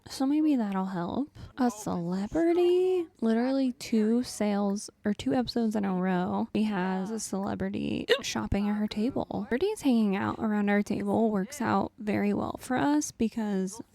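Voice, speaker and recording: Chatty young woman with a mellow voice. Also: mid-range voice, normal speed, vocal fry, hardly any pauses. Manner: chatty, upbeat, talks to viewers as "guys" and "y'all". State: has the hiccups. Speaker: gaming channel host. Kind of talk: casual gameplay commentary.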